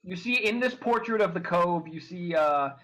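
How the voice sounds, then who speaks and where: A man's voice: high voice, lively intonation, moderate pace, a crowd in the background, poor audio. A man narrating a tabletop game as game master, rambling with many fillers and restarts.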